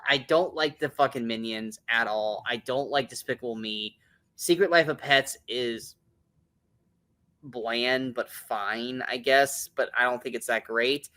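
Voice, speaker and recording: A man's voice: mid-range voice, unhurried, pushed and bright. A man co-hosting a casual movie-review podcast, blunt and opinionated, swearing often and restarting his sentences as he rambles.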